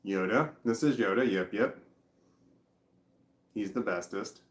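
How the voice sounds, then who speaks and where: A middle-aged man vlogging in casual chat, rambling and halting, with blunt swearing. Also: fairly low pitch, roomy sound.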